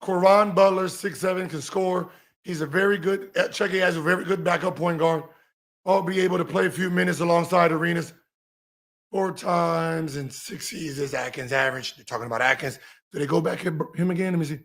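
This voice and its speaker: A man in his forties hosting a podcast, giving heated commentary and mocking someone in an animated, sing-song teasing way. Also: fairly high pitch, a little fast. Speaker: podcast host.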